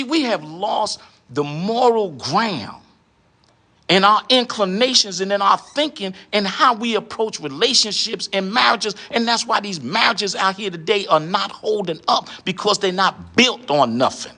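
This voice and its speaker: A man's voice: high-pitched, lively intonation, moderate pace, bright, forceful tone. A middle-aged man, lecturing in a preachy monologue and firing off rhetorical questions, often adding "huh?". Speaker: online commentator addressing women.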